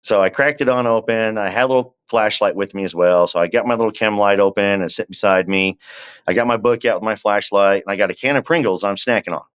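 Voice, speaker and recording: A man, a guest telling a long story in a relaxed, conversational way and often turning to the listener with asides. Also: on the low side, fast, clean tone, highs cut off. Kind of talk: casual storytelling.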